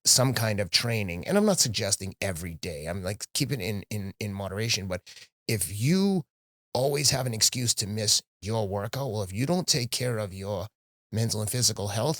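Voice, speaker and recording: A middle-aged man with a fairly low voice talks candidly, in a casual podcast conversation. His delivery is animated, as he often quotes himself. The sound is dry and close, in a quiet studio. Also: brisk, dry recording. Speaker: podcast guest, marathon runner.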